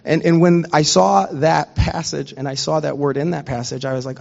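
A man preaching a sermon, telling funny family stories and acting out quick quoted exchanges before moving into scripture. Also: on the high side, steady tone, creaky, a little mellow, lo-fi sound. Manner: storytelling with quick quoted asides, conversational. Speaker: pastor.

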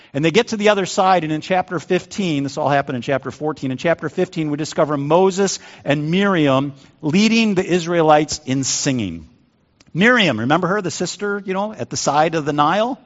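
A male pastor delivers a dramatic sermon, his voice rising and falling in lively swings of pitch. He moves between loud, pressing lines and quiet, hushed ones. The sound is dull and slightly muffled, and it rings out in a church sanctuary with a long reverb.

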